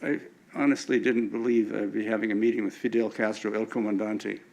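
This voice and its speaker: A man's voice: lowish voice, fairly even intonation, fairly quick, vocal fry, a little mellow, poor audio. An older man giving an anecdotal lecture with slides at an alumni event, often stumbling and restarting his words.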